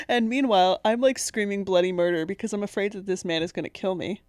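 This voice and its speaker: A woman's voice: medium pitch, brisk, darkish tone, no echo. A young woman podcast co-host telling a long personal story in casual chat, chatty and giggly.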